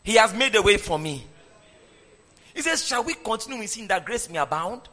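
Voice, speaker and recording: A man's voice: high voice, moderate pace. A man preaching a sermon and having the congregation repeat his lines back to him. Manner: animated preaching, leads the congregation in call-and-response. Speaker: pastor. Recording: echoey hall with long reverb.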